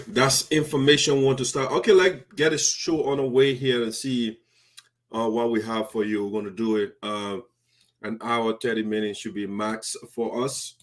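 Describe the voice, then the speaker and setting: A man's voice: mid-range voice, a bit bright. A man from Liberia hosting a live diaspora talk show. He chats loosely, restarts his sentences, and talks through his own equipment checks. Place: home studio. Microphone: headphones with a microphone.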